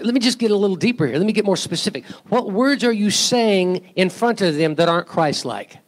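A man preaching a sermon in a church, his voice pitched a bit higher than most men's. He talks to the congregation in a casual, conversational way and keeps asking them rhetorical questions. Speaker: pastor.

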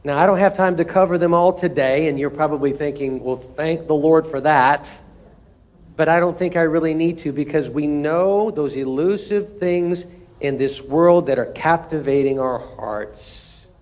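High-voiced man preaching a sermon. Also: normal speed. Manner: animated preaching, rising in pitch and force when reading scripture aloud; folksy humorous asides. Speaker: pastor.

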